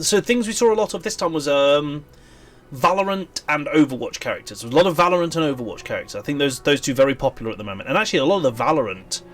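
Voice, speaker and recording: A man's voice: medium pitch, fairly bright tone. A man with a Welsh accent chatting casually with viewers while streaming a game, rambling and thinking aloud. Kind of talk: casual live-stream chat while gaming.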